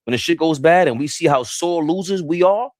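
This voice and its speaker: A man co-hosting a casual basketball talk show, animated and joking, laughing in the middle of his sentences. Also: fairly quick, no room sound. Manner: animated, laughs mid-sentence, swings between loud and low. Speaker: co-host.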